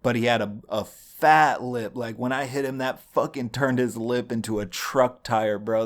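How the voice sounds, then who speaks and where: A man's voice: medium pitch, moderate pace, few pauses. A young man recording himself at home, telling a heated, profane story in a rambling way. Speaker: vlogger. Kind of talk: casual storytelling monologue. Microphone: home recording setup, watching audio levels.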